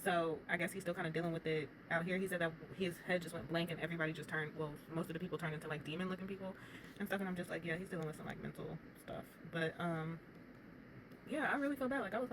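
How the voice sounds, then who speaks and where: Woman, fast and animated recap commentator, lowish voice, with audible background noise. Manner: animated, opinionated, talks straight to the viewers. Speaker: reality TV commentator.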